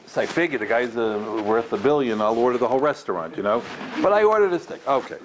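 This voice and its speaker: A male rabbi lecturing to a crowd, his pitch leaping around as he tells stories and acts out conversations. His voice sits in a middle register, with a faint hiss of noise under the hall microphone. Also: expressive, fast. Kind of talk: lively lecture with storytelling. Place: community center lecture hall.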